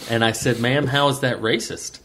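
A man, co-hosting a podcast and telling an animated story in casual chat. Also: mid-range voice, moderate pace, slight background noise. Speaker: podcast co-host.

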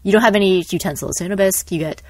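A young woman co-hosting a casual podcast chat, an animated storyteller who acts out quotes and laughs often. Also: medium pitch, racing, dry recording. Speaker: podcast co-host.

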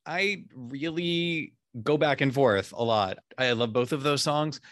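A man's voice: medium pitch, a little slow, fairly bright tone, slight background noise. A man co-hosting a podcast in casual, enthusiastic chat, full of fillers. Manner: enthusiastic, chatty, lots of fillers like "like". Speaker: podcast co-host.

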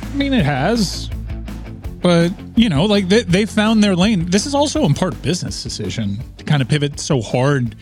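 A man's voice: high-pitched, very animated, moderate pace, faint music behind. A man co-hosting a talk radio show, giving sardonic, pointed commentary in casual banter.

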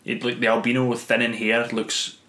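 A man's voice: mid-range voice, completely flat delivery, moderate pace, sharp tone, roomy sound. A young man co-hosting a podcast, chatting casually about films, rambling and restarting his sentences and swearing freely. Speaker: podcast co-host. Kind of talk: casual film discussion.

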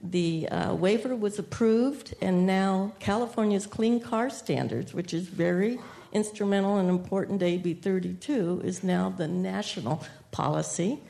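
A woman state senator on a panel, giving a steady, detailed explanation of policy. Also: mid-range voice, moderate pace, creaky, hardly any pauses.

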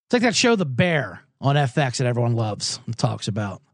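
A man's voice: medium pitch, sing-song, brisk, dry recording, clean studio sound. A man hosting a sports betting podcast, rambling through sarcastic, profane comedic riffs. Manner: rambling, sarcastic, swears a lot.

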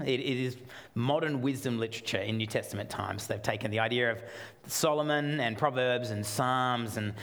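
A middle-aged man preaching a sermon, chatty at first, then building to emphatic, repeated calls. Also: medium pitch. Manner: conversational, builds to emphatic repetition. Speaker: pastor.

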